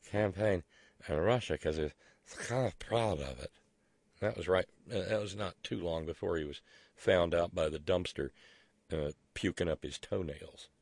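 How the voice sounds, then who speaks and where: A man's voice: deep voice, creaky, dry recording. A man hosting a political talk radio show, sarcastic and profane, who stumbles into restarts.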